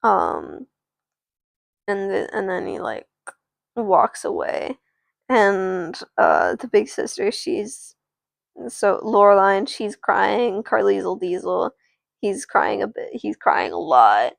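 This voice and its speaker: A woman's voice: medium pitch, big pitch swings, takes it slowly, gravelly, no echo. A woman streamer casually narrating an improvised doll story, rambling and chatting to viewers. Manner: rambling, restarts, chats to viewers.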